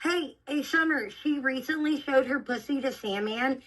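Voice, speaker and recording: Woman, high husky voice, indignant defensive arguing, stream dispute. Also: moderate pace, fairly bright tone, rough recording. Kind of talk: heated stream argument.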